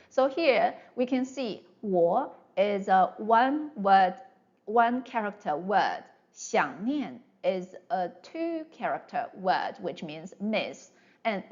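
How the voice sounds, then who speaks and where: Slow, patient woman teaching pronunciation. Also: mid-range voice, a little mellow, lo-fi sound. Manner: patient, explanatory, drills sounds one by one. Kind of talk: online language lesson.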